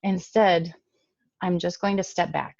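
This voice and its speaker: Gravelly-voiced woman giving a casual talk. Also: on the low side, fairly even intonation, a little slow, a little mellow, no room sound, lo-fi sound. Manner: conversational, emphatic. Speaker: presenter speaking to parents. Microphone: computer mic.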